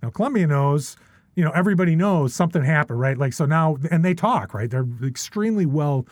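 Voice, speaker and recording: A man's voice: fairly high pitch, expressive, fairly quick, darkish tone, no room sound, studio quality. A middle-aged man telling stories as a podcast guest. He rambles and restarts a lot, tags his sentences with questions, and swears often. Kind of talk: casual storytelling.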